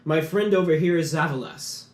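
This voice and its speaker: Casting: a man doing a stately, courteous ruler, raised and measured, echoey room. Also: on the high side, darkish tone, pitched above the performer's own voice, close to an everyday voice. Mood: formal. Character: formal imposing male city ruler.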